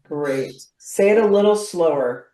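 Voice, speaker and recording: A woman tapping coach, calmly directing and leading a guided visualization. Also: sits low, a little slow, soft background music. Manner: calm, directive, guiding visualization. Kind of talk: guided healing session. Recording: roomy echo, distant from mic.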